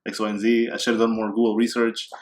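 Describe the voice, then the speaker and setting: A man's voice: on the low side, monotone, fast talker. A man telling a personal story in casual podcast chat, rambling with many fillers.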